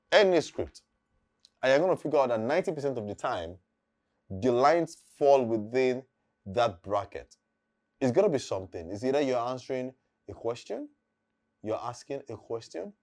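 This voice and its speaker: A man's voice: mid-range voice, darkish tone. Man coaching actors. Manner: explanatory and emphatic, repeating key points. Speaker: acting coach. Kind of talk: casual teaching monologue.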